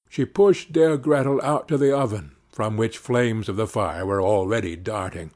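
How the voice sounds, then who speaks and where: A man narrating a fairy tale slowly and expressively for a children's audiobook. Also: on the low side. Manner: slow, expressive storytelling.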